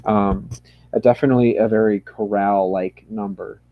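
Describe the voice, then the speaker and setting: Podcast guest dude, lots of ums, hums bits of tunes, dry muffled lo-fi mic. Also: male voice, fairly low pitch, steady tone, moderate pace, no room sound. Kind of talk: casual podcast interview.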